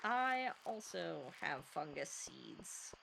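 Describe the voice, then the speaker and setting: A woman with a bright, tense voice chats casually on a game stream. Her pitch moves around a lot. She is playful and excitable, given to mock dramatic outbursts. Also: takes it slowly, vocal fry, a little hiss or hum. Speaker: guest co-streamer. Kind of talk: casual gameplay chat.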